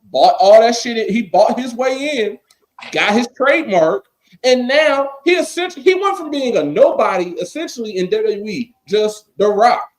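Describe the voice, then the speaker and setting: A man with a high, sharply rising and falling voice chats on a podcast. He talks in quick, profane, animated rants and slips into mock quotes of the people he discusses. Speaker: podcast co-host. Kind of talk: casual chat.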